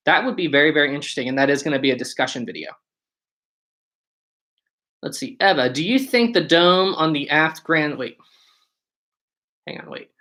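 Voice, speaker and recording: A man's voice: a little high, expressive, normal speed, long pauses, sharp tone. A man hosting a live stream, reading viewer questions aloud and answering them casually, thinking aloud as he goes. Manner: casual, thinks aloud with restarts and short laughs. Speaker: channel host.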